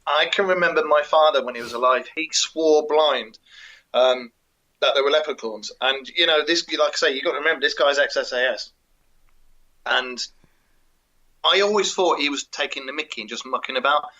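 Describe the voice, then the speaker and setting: A man with a bright, forceful voice, pitched fairly high for a man, tells a folk tale and chats with a dry wit. The recording sounds dull and lo-fi. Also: normal speed. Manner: reads a folk tale aloud, then chats with dry humour. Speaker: co-host. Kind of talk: storytelling and casual chat.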